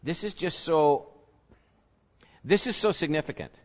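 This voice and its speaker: A male pastor teaching a sermon in a conversational way, putting questions to the congregation and swinging between loud emphasis and quiet asides. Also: on the high side, measured pace. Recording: reverberant hall, dull lo-fi sound.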